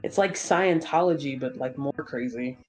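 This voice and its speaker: A co-host of a gaming channel rambles through a casual chat while playing, leaning on fillers and dropping swears without a second thought. The voice sits at an ordinary middle pitch. Soft game music hums in the background. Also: moderate pace.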